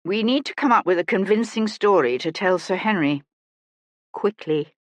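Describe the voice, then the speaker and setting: A woman voicing a calm, composed aristocratic male detective in a measured, lowered voice. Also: no room sound, natural voice.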